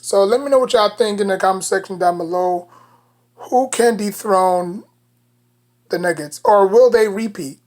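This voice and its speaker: A woman's voice: medium pitch, moderate pace, a little mellow. A woman with a New York accent giving casual basketball commentary as a sports vlogger, rambling and leaning on "you know" between thoughts.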